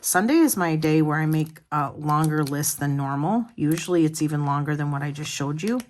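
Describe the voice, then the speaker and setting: Talking to her viewers from home, a woman who vlogs about planners speaks briskly in a slightly low, somewhat mellow voice. She rambles casually, starts her sentences over and strays into side comments.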